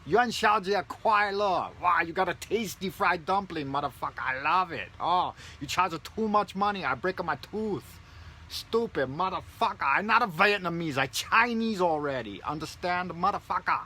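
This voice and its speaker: A man voicing a loud, rude, pushy male restaurant customer who shouts in broken English and swears heavily. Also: high-pitched, animated, normal speed, pitched above the performer's own voice, heavily acted. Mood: brash, shouting.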